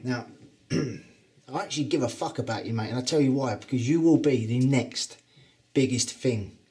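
A man's voice: medium pitch, moderate pace, dark tone. A man with a Cockney London accent giving a taunting, boastful wrestling promo as a trainer, swearing freely. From England.

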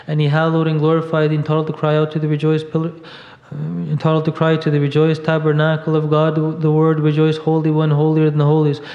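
Man reciting hymns in a monotone, echoing church. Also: fairly high pitch. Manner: steady monotone recitation with small slips. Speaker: reader at a monastery service. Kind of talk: liturgical reading of a hymn. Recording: dull echoey church audio.

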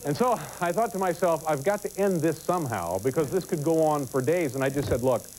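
A man hosting a late-night talk show, telling a rambling joking anecdote with halting restarts, recorded on old broadcast tape. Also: on the high side, darkish tone, a little hiss or hum, rough recording. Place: television studio with live audience.

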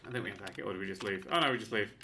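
A man casually commentating on his own gameplay, chatty and excitable, with sudden yelps and mock-boastful asides. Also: fairly low pitch, rapid-fire, a little hiss or hum. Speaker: let's play host.

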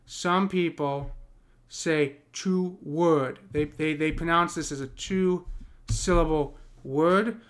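This poetry teacher takes it slowly, his fairly high, slightly bright voice carrying an American accent. He explains poetic meter in an informal screen-share lesson, thinking aloud through many fillers and restarts.

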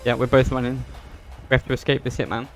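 A man's voice: medium pitch, little pitch movement, fast talker. Dry teasing gamer guy. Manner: dry teasing, giving directions. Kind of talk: casual co-op gameplay chat. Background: game music.

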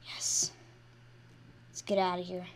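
Here a female channel host narrates her own gaming session in an easygoing way, alternating between soft mutters and piercing high shrieks as she gets worked up. She speaks unhurriedly and in a whisper.

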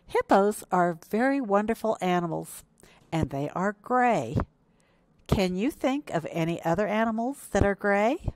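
Slow, gentle storytime librarian woman. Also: mid-range voice, dry recording. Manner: gentle, expressive, asks children questions. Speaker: children's librarian. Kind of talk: children's storytime reading. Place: indoors, recorded for video.

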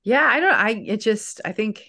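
A woman's voice: on the high side, expressive, normal speed, gravelly, bright, forceful tone. A middle-aged woman talking as a guest writer in a casual interview, laughing often and restarting her sentences.

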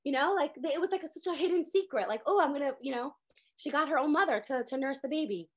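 A woman teaching a casual online Torah class, telling the story with lively acted-out lines and many "like" fillers, over a video call. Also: sits high, fast talker.

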